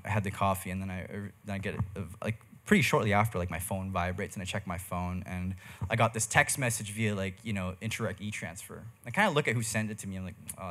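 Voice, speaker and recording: A man's voice: fairly low pitch, a bit bright. A young man preaching a sermon in church, telling a personal story in a casual, chatty way full of slang and fillers. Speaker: pastor.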